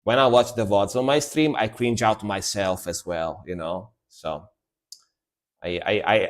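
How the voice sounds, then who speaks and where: A man's voice: on the low side, a little slow. A man from Italy with an Italian accent, streaming music reactions in casual, rambling commentary that repeats words and pokes fun at himself.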